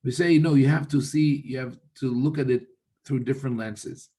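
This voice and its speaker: A rabbi speaks with a warm, medium-pitched male voice and fairly even intonation, explaining religious texts in an unhurried, thoughtful way. Along the way he quotes Hebrew and often restarts his sentences.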